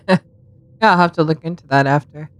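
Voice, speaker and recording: A woman with a somewhat low voice co-hosts a casual podcast, joking around and laughing often. She swears freely in easy chat. The sound is dry and close, with no room echo. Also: normal speed. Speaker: podcast co-host.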